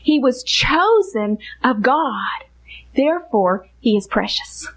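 A woman's voice: sits high, animated, takes it slowly, slightly rough, rough recording. A woman teaching from the Bible to other women in an earnest, emphatic sermon style, building her points through repeated parallel phrases.

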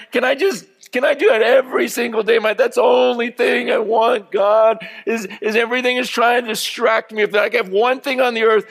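A pastor preaching a sermon, swinging from loud, urgent shouting down to hushed, intimate murmuring. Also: male voice, high-pitched, creaky, in a large hall.

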